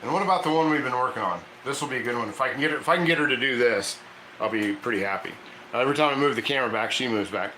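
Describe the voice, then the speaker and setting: A man's voice: mid-range voice, fast, bright, forceful tone, echoey room, slight background noise, low-quality recording. A man hosting a casual cooking stream, chatty and laughing often as he coaxes his dog through tricks. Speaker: cooking channel host. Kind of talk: casual live cooking chat.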